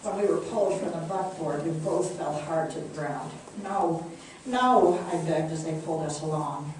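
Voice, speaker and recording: A woman author reading her picture book aloud in a measured, heartfelt way, in an echoey room from a distant mic. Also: low voice, steady tone, mellow, a little hiss or hum.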